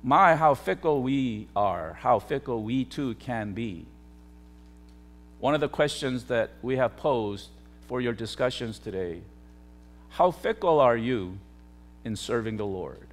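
A man, a pastor, preaching a sermon with emphatic, repetitive phrasing and sharp swings between loud declarations and hushed asides. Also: medium pitch, expressive, takes it slowly, a little hiss or hum.

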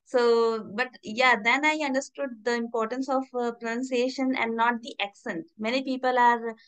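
A woman's voice: fairly high pitch, steady tone, moderate pace, smooth, poor audio. A woman from India with an Indian English accent, hosting a casual interview and asking encouraging, probing questions. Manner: encouraging, asks probing questions, soft backchannels. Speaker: host, English teacher.

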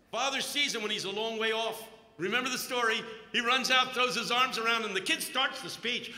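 Bright-voiced joking preacher in an echoing hall. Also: male voice, very high voice, brisk, a little hiss or hum. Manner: joking, animated storytelling. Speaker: conference speaker, preacher. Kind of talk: humorous sermon. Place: conference hall. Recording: echoey hall, long reverb.

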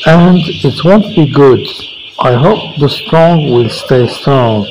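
Brief: a male storyteller, unhurried, midrange voice, reading a moral tale with asides. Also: medium pitch, a little mellow, highs cut off, slight background noise. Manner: deliberate, with small restarts. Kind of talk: reading a fable aloud with commentary.

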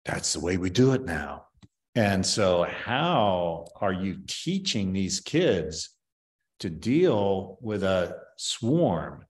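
Rambling older man, low-pitched. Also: very animated, extremely slow. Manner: opinionated, rambling, many fillers. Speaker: martial arts master, guest. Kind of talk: rambling interview talk.

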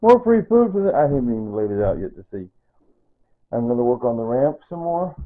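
An older man vlogging casually at home, excitedly showing his tomato plants and repeating exclamations, filmed on a camera held close. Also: mid-range voice, a little fast, no echo. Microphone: phone camera held close. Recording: dry tinny phone-like audio.

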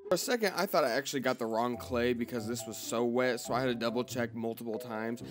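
A man's voice: medium pitch, quick pace. A young man giving a chatty, casual voice-over about his craft project. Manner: chatty, confiding. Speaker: craft vlogger. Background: music.

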